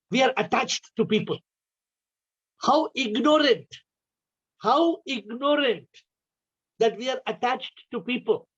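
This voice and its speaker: Man, Indian English accent, spiritual teacher, questioning style, high voice, lo-fi call audio. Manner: asks the audience repeated questions. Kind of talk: spiritual talk on a video call. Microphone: video call.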